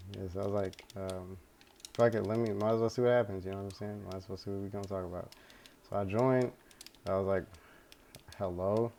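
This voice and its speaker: A man's voice: on the low side, steady tone, fairly quick, long pauses, warm tone, slight background noise. A young man casually telling a story from his life, rambling, laid-back and full of swearing, recorded at home.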